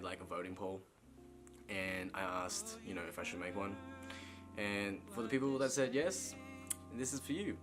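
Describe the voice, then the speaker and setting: A young man casually telling a story as a vlogger, swearing freely and often adding "right?". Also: sits low. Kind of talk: storytime monologue. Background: music.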